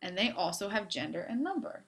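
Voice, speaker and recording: A woman's voice: mid-range voice, big pitch swings, brisk, husky. A woman teacher giving a video lesson on French grammar, upbeat with playful asides.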